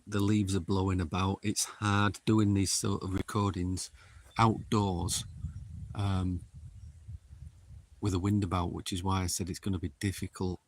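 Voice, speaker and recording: Soft-spoken man in a windy cemetery. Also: on the low side, dry recording. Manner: hushed, calling out names slowly to spirits. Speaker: paranormal investigator livestreaming. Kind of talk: casual live commentary. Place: large windy cemetery outdoors.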